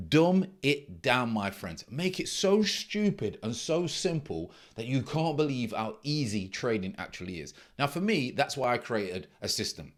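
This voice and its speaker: A middle-aged man, a trading mentor giving a blunt, emphatic casual monologue that repeats its key points. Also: on the low side.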